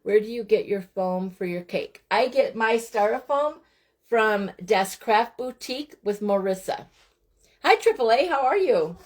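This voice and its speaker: Speaking a little slowly in a high, animated voice, a middle-aged woman from Montana runs a live craft stream from her home craft room, working at a table. She chats freely while walking viewers through the project, calling out their names and mentioning bits of her day.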